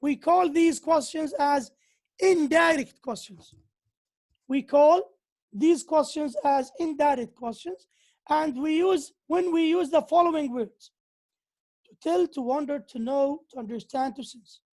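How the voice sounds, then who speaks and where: A woman with a high, darkish voice gives an English grammar lecture slowly and deliberately. She repeats key phrases and occasionally hesitates while searching for words.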